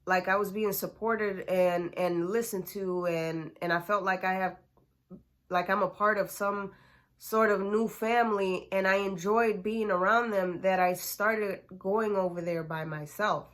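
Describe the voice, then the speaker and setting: A woman's voice: mid-range voice, steady tone, a little slow, fairly bright tone. A woman telling a personal story in a casual, chatty way, full of slang and fillers. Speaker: storyteller vlogger.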